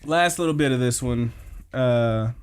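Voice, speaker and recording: A man with a clean, unhurried, mid-range voice hosts a podcast. He casually recaps anime episodes, rambling and using lots of fillers.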